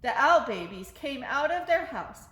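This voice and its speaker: Slow, coaxing children's librarian, woman. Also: high-pitched, big pitch swings, pushed and bright. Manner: cheerful, coaxing, speaks slowly to young children. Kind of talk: children's story time. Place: library story room. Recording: echoey room.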